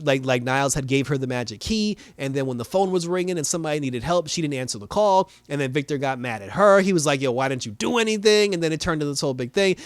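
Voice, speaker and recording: A man's voice: fairly high pitch, clear, resonant tone, no echo. A man giving a casual, rambling recap and review of a TV episode, slangy and laughing often.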